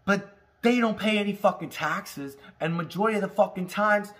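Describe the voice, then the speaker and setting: A man from Alaska ranting casually on his cannabis vlog, swearing constantly and shouting when he gets heated. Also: high voice, normal speed. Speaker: cannabis vlogger. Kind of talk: casual profane rant. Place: home, indoors.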